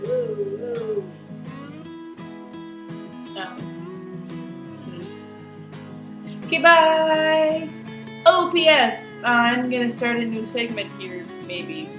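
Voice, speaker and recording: In a slightly high voice, a young vlogger tells a humorous story from daily life, chatty and expressive, imitating how others spoke. The microphone is distant, the room echoes, and music plays faintly.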